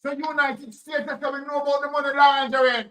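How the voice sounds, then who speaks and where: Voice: high voice, level tone, fairly quick, sharp tone, distant mic, poor audio. A political commentator with a Jamaican accent, talking emphatically and repeating phrases in Jamaican Patois. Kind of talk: impassioned commentary.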